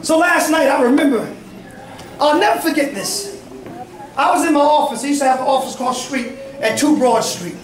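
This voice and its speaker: A middle-aged man, a bishop preaching a sermon, telling stories with fervor and frequent shouts. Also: extremely high pitch, a little fast, a little hiss or hum. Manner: fervent, storytelling, often shouting. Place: church sanctuary. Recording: echoey church from a distance, congregation audible.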